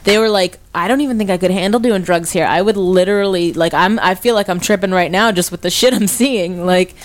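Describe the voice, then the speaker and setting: A young woman chatting casually with friends, animated as she acts out people she met. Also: fairly low pitch, a little fast. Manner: animated storytelling, acts out quoted voices. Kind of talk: casual group chat.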